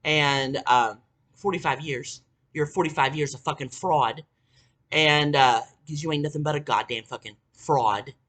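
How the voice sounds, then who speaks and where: A vlogger in their forties, talking in a casual monologue, ranting bitterly with lots of swearing and filler words, dropping to low mutters and rising to shouts. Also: measured pace. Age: 40s.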